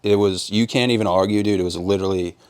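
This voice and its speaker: Casting: podcast host from Rhode Island, young man with a low, deep voice, easygoing chat full of "dude". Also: steady tone, fast, darkish tone, clean tone. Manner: laid-back, says "dude" a lot, laughs hard. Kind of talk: casual chat.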